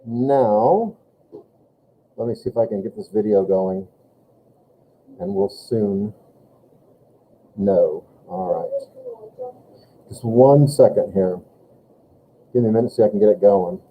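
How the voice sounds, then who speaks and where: A man teaching a German class, reading phrases out slowly and deliberately in a classroom. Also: fairly low pitch, warm tone, slight background noise, poor audio. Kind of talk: classroom lesson.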